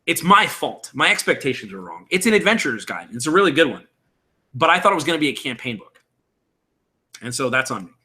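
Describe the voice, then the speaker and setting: In a room at home with window blinds, a male streamer explains character creation for his game character. His mid-range voice swings widely in pitch, quick, bright and forceful. The talk is casual and rambling, with thinking aloud and answers to chat.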